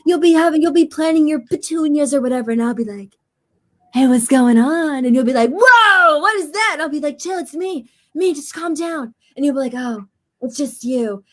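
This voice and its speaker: A woman's voice: high-pitched, a little fast, mellow, lightly acted. A woman playing a small, mischievous garden creature in a comedy sketch. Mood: playful. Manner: chatty, mischievous.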